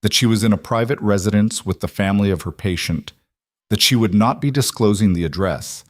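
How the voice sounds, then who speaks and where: A man narrating a crime story in an even, unhurried audiobook style. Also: fairly low pitch, dry recording, clean studio sound.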